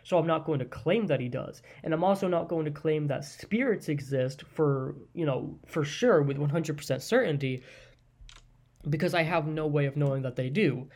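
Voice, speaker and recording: A solo podcast host in a loose, unscripted monologue, with a voice sitting at an ordinary middle pitch. The delivery wanders and doubles back, with frequent restarts, stumbles and fillers as the host muses aloud and hedges each point. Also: expressive, normal speed, darkish tone. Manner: thinks aloud, hedging and musing.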